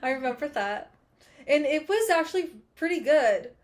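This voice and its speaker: Young woman, fairly high voice, chatty, teasing, casual podcast co-host. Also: expressive, normal speed.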